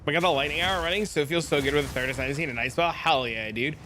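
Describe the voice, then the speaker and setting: A man streaming a game, chatting casually, excitable and swearing often as he thanks his viewers. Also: fairly high pitch, rapid-fire, background noise. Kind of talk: casual live-stream chat.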